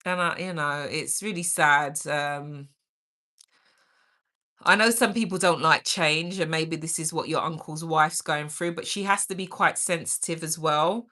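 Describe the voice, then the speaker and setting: Lady on a livestream, bright tone, takes her time, chatty and kind, reads comments. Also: sits low, a little slow. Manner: energetic, chatty and caring. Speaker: livestream host. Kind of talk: casual livestream chat, reading out viewer comments.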